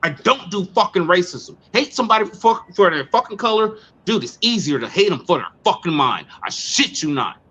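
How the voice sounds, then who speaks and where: A man in a casual online talk, telling a story in a loud, profane and animated way, stumbling over repeated words. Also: high voice, brisk, few pauses, slight background noise. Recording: dull lo-fi sound.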